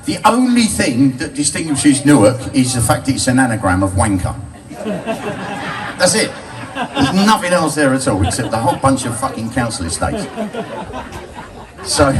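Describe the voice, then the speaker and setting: Older english guy doing filthy stand-up tales, kinda far off, crowd noise all round. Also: medium pitch. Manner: cheeky, crude, chatty, laughing at his own jokes. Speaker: comedian telling stories on stage. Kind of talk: live stand-up storytelling. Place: bar with a live audience. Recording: distant live audience recording.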